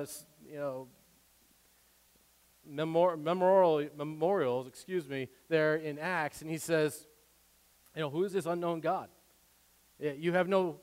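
A man preaching a sermon, excitable, swinging from loud declarations to quiet asides. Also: on the high side. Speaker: pastor. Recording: long hall reverb.

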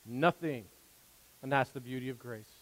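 At a normal speed and medium pitch, a man preaches from the pulpit as pastor of a church sanctuary. His delivery is earnest and conversational, rising in emphasis with asides along the way, captured with a long hall reverb.

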